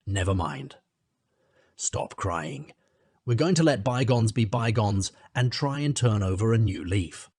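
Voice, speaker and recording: Stern wise old badger, read by a man; low and husky. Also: expressive, a little slow, darkish tone, no room sound, clean studio sound. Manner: severe and grave.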